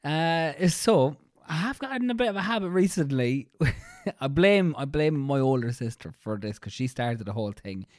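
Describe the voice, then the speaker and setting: Male co-host, teasing and playful, very lively pitch, dry recording. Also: moderate pace, no echo. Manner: teasing, laughs along, acts out quotes. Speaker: podcast co-host. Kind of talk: casual podcast chat.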